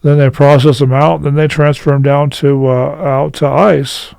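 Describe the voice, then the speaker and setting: A man hosting his own channel, giving casual commentary in a rambling, halting way with many fillers and restarts. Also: on the high side, level tone, creaky, darkish tone, clear, resonant tone, no room sound, rough recording. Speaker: host.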